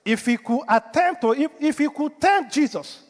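A man's voice: very high-pitched, lively intonation, moderate pace, big-room sound. A male pastor delivering a sermon, preaching emphatically and putting rhetorical questions to the congregation. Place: church.

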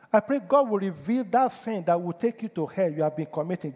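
High, lively preaching man in a reverberant church. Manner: emphatic preaching with rhetorical questions to the congregation. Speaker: pastor. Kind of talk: sermon.

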